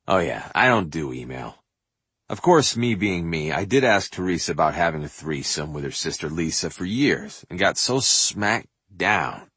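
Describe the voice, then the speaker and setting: This audiobook of a man's own memoir is voiced deep and raspy at normal speed, brimming with swagger and swearing. Acting out quotes and breaking into song, he sends his delivery swinging up and down. The dry recording sounds close, like a vocal booth.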